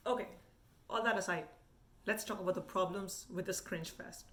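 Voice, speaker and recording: A young woman from India with a light Indian English accent, giving a frank, animated review vlog full of "like" fillers. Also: mid-range voice, normal speed. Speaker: vlogger reviewing a TV show. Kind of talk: casual opinionated review.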